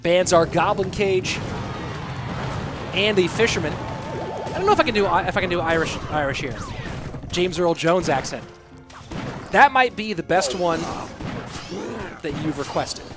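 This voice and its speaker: A young male caster calls an esports match live, trading casual, joking banter with his chat. His voice sits high for a man, with clear music running behind. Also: animated, a little slow, pauses often. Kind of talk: live stream game commentary.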